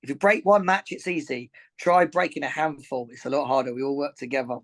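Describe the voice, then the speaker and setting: A man's voice: medium pitch, a little fast, low-quality recording. A man, a boxing coach and gym owner, talks earnestly in a podcast interview, rambling, repeating himself and getting emotional.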